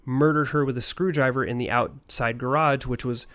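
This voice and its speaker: In a smooth, fairly bright mid-range voice, a podcast co-host spins a long, meandering ghost story at a moderate pace and steady tone. The chat is casual and loose, with frequent swearing.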